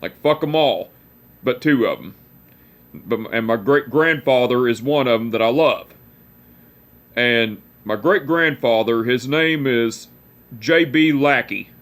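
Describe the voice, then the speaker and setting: A man's voice: medium pitch, a little slow, a bit bright. A man, telling family stories to camera in a rambling, profane way with many restarts. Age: 20s. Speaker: vlogger. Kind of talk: casual storytelling to camera.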